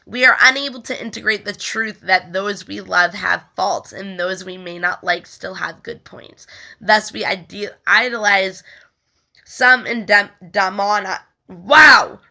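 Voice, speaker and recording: A woman's voice: mid-range voice, steady tone, measured pace, creaky, pushed and bright. A young woman reading a spiritual text aloud and talking casually about it, rambling with many fillers and stumbling over words. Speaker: spiritual healing video host.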